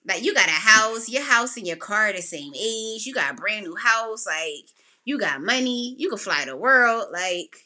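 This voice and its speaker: Lively bright-voiced woman telling a story. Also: medium pitch, normal speed. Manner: animated, emotional, quotes people in raised voices. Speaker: podcast host. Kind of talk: casual storytelling chat.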